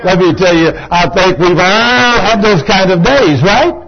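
A man's voice: sits high, lively intonation, measured pace. A pastor in his sixties preaching a sermon, telling folksy, joking stories about his marriage. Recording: dull lo-fi recording.

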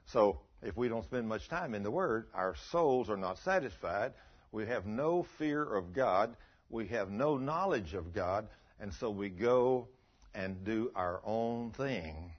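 Husky-voiced preacher, folksy sermon delivery, dull lo-fi recording. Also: male voice, lowish voice, expressive, takes it slowly. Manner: folksy storytelling, swings between soft and loud.

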